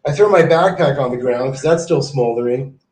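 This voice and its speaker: A man's voice: medium pitch, a little fast, darkish tone, soft background music. A man streaming live, chatting casually and telling stories in a rambling, profane way. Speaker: livestreamer. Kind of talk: casual livestream chat. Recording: echoey room.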